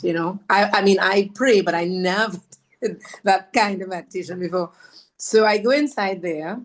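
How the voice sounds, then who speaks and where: A woman from Trinidad, a podcast guest telling her story in an animated, self-mocking way. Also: medium pitch, normal speed. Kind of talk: storytelling conversation.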